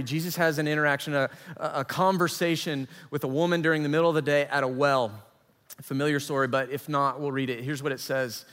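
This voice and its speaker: Male pastor, high voice, earnest sermon with repeated builds, recorded in a reverberant church hall. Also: fairly bright tone. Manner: earnest preaching with repeated phrases and rising emphasis.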